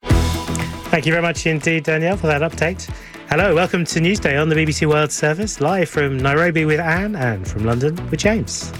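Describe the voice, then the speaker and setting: Higher-voiced man presenting radio news. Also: normal speed, music in the background. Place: radio studio.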